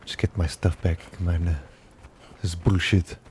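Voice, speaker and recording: A man's voice: low-pitched, little pitch movement, moderate pace, a little mellow, slightly rough. A man giving casual, jokey commentary over his own gameplay, talking to himself with exasperated outbursts. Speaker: gaming YouTuber.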